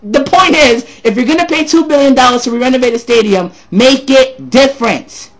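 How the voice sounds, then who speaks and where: A man ranting loudly and profanely about sports, repeating himself, his voice a little sore from yelling. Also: extremely high pitch, normal speed. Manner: loud, profane, repetitive ranting. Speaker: sports ranter. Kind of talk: angry sports rant vlog.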